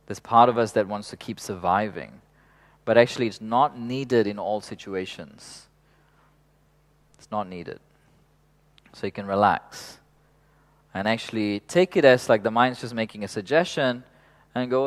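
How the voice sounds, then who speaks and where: Low-voiced man leading a reflective workshop. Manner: unhurried, laughs softly, casual swearing. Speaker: workshop facilitator.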